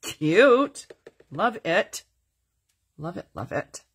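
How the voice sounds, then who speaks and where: Chatty woman, low breathy voice. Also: lively intonation, unhurried. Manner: chatty, upbeat, reads viewer comments aloud. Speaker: crafting host. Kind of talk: live stamping tutorial.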